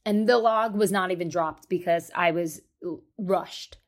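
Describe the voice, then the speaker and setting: Profane, animated woman telling stories. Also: on the low side, measured pace. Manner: animated, blunt and profane, laughs at herself. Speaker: podcast host. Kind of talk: casual storytelling monologue. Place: hotel room.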